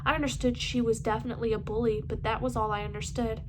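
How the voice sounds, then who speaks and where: A woman's voice: on the high side, little pitch movement, quick pace, noisy background. A woman hosting her channel, reading a novel aloud with small slips and restarts. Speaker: book reader, channel host. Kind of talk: casual audiobook reading.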